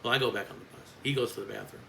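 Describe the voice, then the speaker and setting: A man's voice: lowish voice, very fast, gravelly, sharp tone, a little hiss or hum, poor audio. A man who works as a coach, speaking in a bitter, blunt and profane vlog rant.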